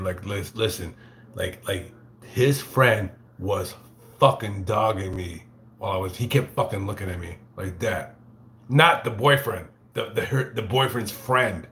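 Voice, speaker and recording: A man hosting a casual livestream, telling a profane, rambling story full of halting restarts. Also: on the low side, a bit bright, roomy sound. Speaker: livestream host reading super chats.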